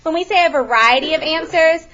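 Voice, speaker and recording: A woman teaching a math lesson to a classroom, animated and often questioning her students. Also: sits high, a little fast, dull audio.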